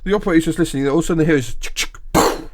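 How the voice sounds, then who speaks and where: Rambling joke-telling man, higher voice. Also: very fast, dry recording. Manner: rambling storyteller, giggles at his own jokes. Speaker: podcast co-host. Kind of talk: casual chat, telling jokes.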